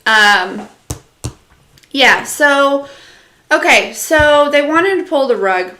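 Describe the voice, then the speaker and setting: A woman's voice: sits high, lively intonation, extremely slow, pushed and bright, roomy sound, a little hiss or hum. A woman giving a casual live-stream channeled message as an intuitive reader, rambling with lots of fillers, talking straight to her viewers and answering their comments.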